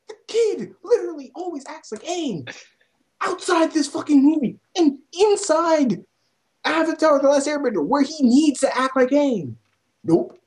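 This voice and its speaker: A young woman ranting about a film, exasperated and swearing constantly, her voice climbing to near shouts. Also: high-pitched. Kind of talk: profane rant.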